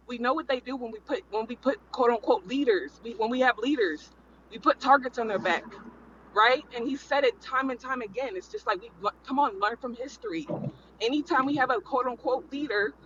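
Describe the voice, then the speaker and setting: A man's voice: very high voice, fairly bright tone, dull audio, a little hiss or hum. A man in a casual panel chat, talking in a rambling, emphatic way and repeating his points.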